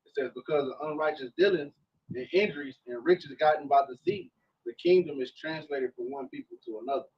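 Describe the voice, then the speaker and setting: A man reading scripture and commenting in a quiet, low-key way. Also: a little fast, breathy edge, dull audio. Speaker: scripture reader.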